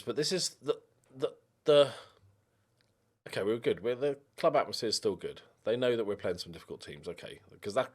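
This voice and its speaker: A young man talks his way through a football management game. His pitch moves a lot as he coaxes and scolds his squad. It is casual commentary at a normal middle pitch. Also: a little fast, husky. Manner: animated, talks to the players on screen, yelps in frustration. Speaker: gaming YouTuber. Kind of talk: casual let's-play commentary.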